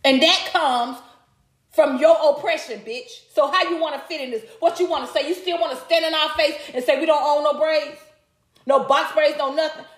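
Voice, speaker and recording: In an echoey room, a woman live-streams a heated, profanity-filled rant aimed right at her viewers as casual commentary. She speaks at a moderate pace in a high-pitched voice with fairly even intonation.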